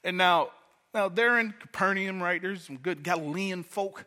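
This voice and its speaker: Guest pastor from Detroit, man, bright and slightly high, chatty sermon delivery. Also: normal speed. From Detroit, USA. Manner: conversational, repeats words when starting a thought.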